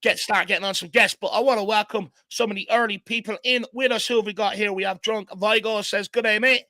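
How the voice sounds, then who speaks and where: A man's voice: high voice, steady tone, fast, bright, forceful tone, no echo. An Irish man hosting a live fan show, chatting casually and reading out viewer comments. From Ireland. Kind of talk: casual live-stream chat.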